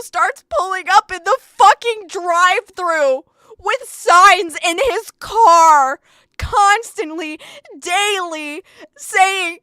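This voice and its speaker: A woman streamer reacting live, her high, bright voice jumping between excited outbursts and rambling asides. She swears freely and keeps breaking into laughter. The sound is close and dry, with no room behind it. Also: dry recording.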